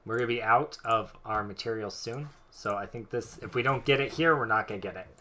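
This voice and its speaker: Young male streamer, bright voice, slightly low, chatty, joking, gameplay commentary. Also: brisk. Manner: joking, chatty, thinks aloud.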